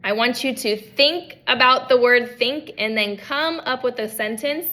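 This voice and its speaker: A young adult woman, a speech language pathologist, leading an at-home practice lesson and modeling words slowly and clearly for children. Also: fairly high pitch, sharp tone.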